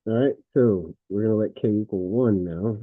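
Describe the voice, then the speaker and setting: A lower-voiced man works through a math lesson, talking his way through each step and catching his own slips. His voice sounds thin and phone-like, with no room echo at all. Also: normal speed. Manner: thinks aloud, self-correcting, frequent fillers. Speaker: math teacher.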